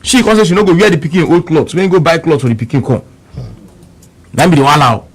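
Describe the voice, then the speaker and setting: On the radio, a man with a Nigerian Pidgin accent tells a story fast, his fairly high voice full of lively intonation. He's emphatic, repeating words and quoting both sides of an argument back and forth.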